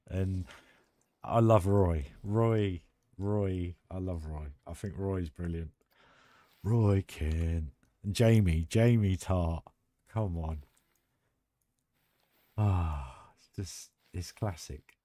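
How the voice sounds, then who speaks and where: A man's voice: low-pitched, drawn-out words, pauses often, warm tone, no echo. A British man live-streaming a building game, chatting enthusiastically and rambling with restarts. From United Kingdom. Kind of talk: casual live-stream chat while building.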